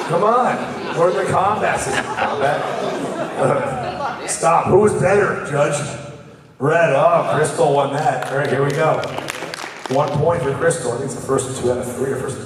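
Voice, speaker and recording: A hoarse man emcees a game contest on a convention stage and ribs the players as he calls the action. His voice is medium in pitch and heard from a distance. It rings through a big reverberant hall over a buzzing crowd. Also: a little slow. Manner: joking, teasing play-by-play. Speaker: convention panel host. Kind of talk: live panel emceeing a game challenge. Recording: echoey hall, from far off, audience crowd.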